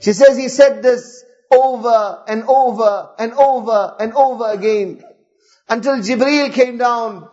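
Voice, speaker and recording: A man's voice: very high voice, measured pace, a little mellow, lo-fi sound. A male preacher giving an impassioned sermon, piling up repeated rhetorical questions.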